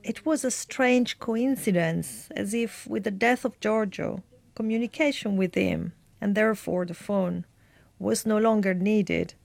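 Female voice-over for translation, measured reading, dry studio. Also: mid-range voice, creaky, a little mellow, dry recording.

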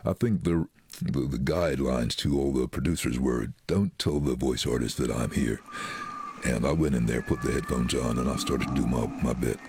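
A voiceover artist, a man, telling lively stories in a casual interview and acting out the voices of people he met. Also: moderate pace, background noise. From London. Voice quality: very deep, husky voice. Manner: animated storyteller acting out quoted voices.

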